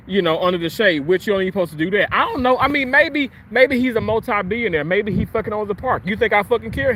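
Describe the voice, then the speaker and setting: A man's voice: high voice, fairly bright tone, slight background noise. A man hosting a livestream and ranting angrily, swearing heavily and repeating himself as he vents. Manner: profane, heated, repetitive. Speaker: livestream host. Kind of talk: angry livestream rant.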